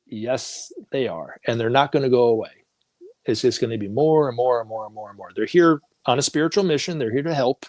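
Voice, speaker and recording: A man's voice: medium pitch, brisk, darkish tone, no room sound. A man talking as a guest on a talk show, telling stories casually and acting out the voices of the people in them, laughing often.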